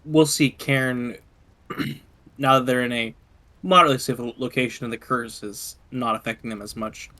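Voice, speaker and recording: A man playing a tabletop game, describing what his character does in a halting, casual way. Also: medium pitch, fairly even intonation, sharp tone. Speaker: player.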